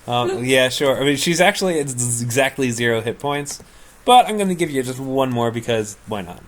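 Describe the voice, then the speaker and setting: Relaxed man running a tabletop game. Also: medium pitch, normal speed. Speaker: game master.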